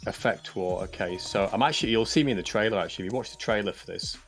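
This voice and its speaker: Low English male voice, chatty and self-correcting, light music behind. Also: fast. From England. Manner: rambling, self-correcting, jokey. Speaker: Minecraft map maker and voice actor. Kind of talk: casual chat on a livestream.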